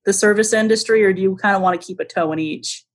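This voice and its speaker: A woman hosting a podcast, asking friendly follow-up questions and chiming in with quick reactions. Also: mid-range voice. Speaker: podcast host. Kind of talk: casual interview.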